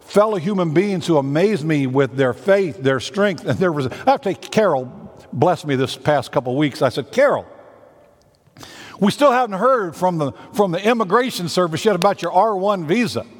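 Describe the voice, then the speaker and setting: A man's voice: sits high, animated, moderate pace, big-room sound. A man, a senior pastor preaching a conversational sermon full of repeated phrases and rhetorical questions.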